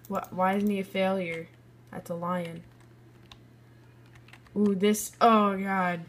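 A woman's voice: medium pitch, fairly even intonation, takes it slowly, long pauses. A young woman casually commenting on a building game and bluntly rating other players' builds. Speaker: gaming video creator.

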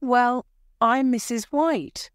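A woman's voice: fairly high pitch, slow, smooth, no echo, studio quality, voice pushed up. A woman voicing an anxious old mother in a storybook reading for learners, with a plain, careful reading voice.

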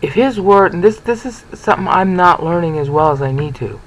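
A man's voice: high-pitched, lively intonation, fairly quick, a little hiss or hum, rough recording. A man giving an informal Bible history lecture, chatty and often checking in with "okay?". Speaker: Bible teacher. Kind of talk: informal lecture over slides.

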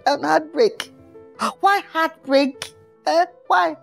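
Here is a woman acting out a vain, excitable male singer, talking in a high voice. He whines and repeats himself in a comic skit. Faint music plays underneath. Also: slow pace, creaky, full character voice. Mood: distraught, whiny. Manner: dramatic, whiny, repeats himself. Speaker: comedy skit actor.

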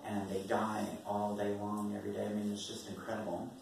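A man's voice: lowish voice, completely flat delivery, a little fast, vocal fry, noisy background. A man, a poet, casually telling an audience about his writing in a rambling, wry way, laughing often. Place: performance venue. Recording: echoey room from far off.

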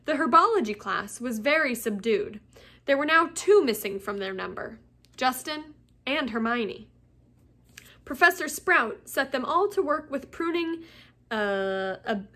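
A woman's voice: a little high, pushed and bright. A woman, a teacher, reading a novel aloud to her class, with chatty asides between passages.

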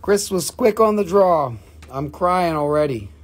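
A man selling rocks on a live auction stream, excitable and swearing, mocking himself as he slashes prices. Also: on the high side, unhurried. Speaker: live-stream rock seller. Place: shop.

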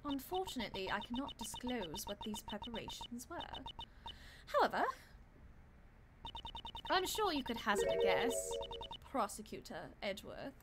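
A woman voicing a composed, stern female judge who speaks formally and with measured dignity over loud game music. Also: fairly high pitch, sing-song.

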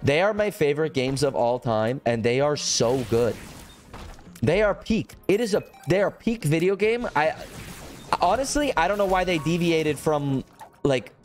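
A young man streaming a game, chatting casually and rambling with excitement, swearing and breaking into high whoops. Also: moderate pace, soft background music. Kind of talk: casual gameplay commentary.

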